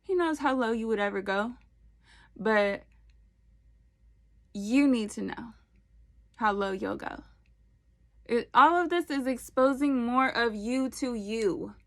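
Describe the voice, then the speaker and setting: A woman talks straight into her phone, preaching about faith in a loose, slangy way. Her voice sits a little high and turns animated, with playful asides between the earnest points. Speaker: faith video host. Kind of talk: casual faith talk to camera.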